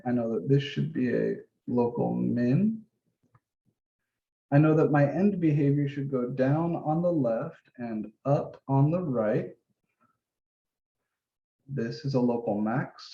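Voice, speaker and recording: With a creaky, dark, medium-pitched voice, this man teaches math during relaxed office hours, narrating every step while he sketches and swearing mildly on occasion. The audio sounds roomy, muffled and low-fidelity.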